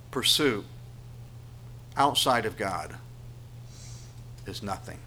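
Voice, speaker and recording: Slow, bright-voiced preacher man. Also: medium pitch, a little hiss or hum. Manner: dramatic swings between loud and hushed delivery. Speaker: pastor. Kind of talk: sermon.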